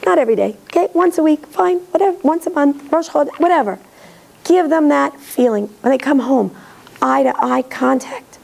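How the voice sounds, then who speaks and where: A middle-aged woman lecturing in a synagogue, talking directly and lively and acting out parents' voices. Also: sits high, moderate pace, creaky, low-quality recording.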